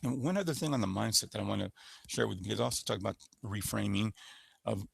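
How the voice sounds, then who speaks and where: Gravelly low-voiced man teaching a webinar. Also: animated, fast, no echo. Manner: coaching, demonstrates voice patterns with example phrases. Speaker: webinar presenter. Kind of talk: instructional webinar talk.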